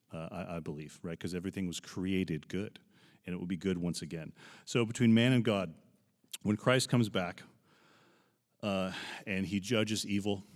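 A man's voice: low voice, big-room sound. A man in his forties preaching a sermon, earnest and emotional, talking casually between scripture readings. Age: 40s. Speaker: pastor.

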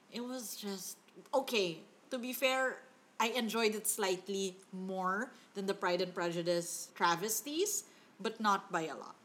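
A woman's voice: medium pitch, a bit bright. A woman co-hosting a casual movie review chat, exasperated and swearing freely as she rants. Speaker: podcast co-host.

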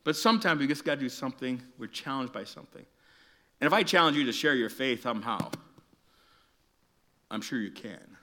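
A man's voice: medium pitch, fast talker. A man from Canada preaching a sermon, telling a childhood story with acted-out voices and whispered asides. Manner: animated storyteller, acts out voices and whispers for emphasis.

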